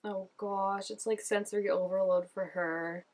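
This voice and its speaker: A woman's voice: medium pitch, fairly even intonation, a little slow, darkish tone. A young woman reacting to a show episode in casual, gushing commentary, chatty and full of "like". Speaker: reaction vlogger.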